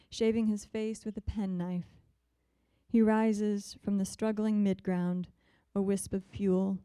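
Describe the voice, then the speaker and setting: A woman poet reads her work in a measured, deliberate way, her voice mellow and smooth. The sound is close and dry. Between poems she turns soft and hesitant. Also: mid-range voice, no echo. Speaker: visiting poet. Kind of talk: poetry reading.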